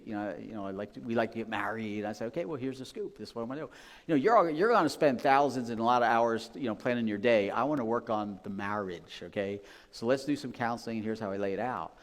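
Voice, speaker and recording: A man preaching as a pastor, retelling a story casually and checking in with the room with "okay?" and "right?". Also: mid-range voice. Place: church sanctuary. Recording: long reverb of a large hall.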